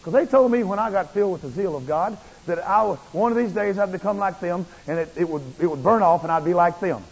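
A male preacher giving a fervent, repetitive sermon that rises into shouts. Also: high-pitched, fast, vocal fry, breathy edge. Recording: muffled, long hall reverb.

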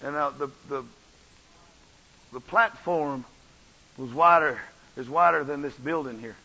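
A man preaching a revival sermon, swinging from soft asides to shouted runs. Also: a little high, measured pace, slightly rough, highs cut off. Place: church.

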